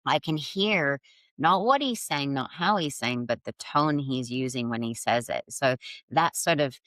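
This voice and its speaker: A woman's voice: a bass voice, lively intonation, measured pace, fairly bright tone, no echo. A middle-aged woman speaking as a podcast guest in casual conversation, reflective and searching, often restarting her sentences. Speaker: guest, yoga and somatic healing teacher.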